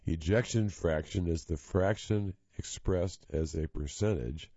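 A hoarse man with a very low voice reads articles aloud in a steady, plain way, now and then stumbling on a filler. His tone is dark and mellow, and the sound is dry and a little dull. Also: no echo. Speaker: reading service volunteer reader. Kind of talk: reading articles aloud for radio.

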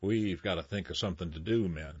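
Man playing a portly old mayor, low and fretful, husky, dry dull sound. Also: brisk, no echo. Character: worried portly older male town mayor.

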